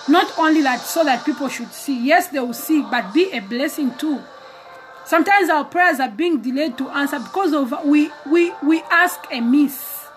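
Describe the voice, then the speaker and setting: A woman's voice: sits high, a bit bright. A woman preacher giving an exhorting sermon, acting out prayers and conversations with God. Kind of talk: casual sermon video.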